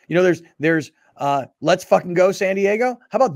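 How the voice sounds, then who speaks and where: A male radio and TV show host chatting casually in a studio and acting out stories with lively dialogue. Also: sits high, a little fast, no echo. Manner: animated storyteller, acts out dialogue. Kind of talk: casual sports talk show chat. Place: broadcast studio. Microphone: studio microphone.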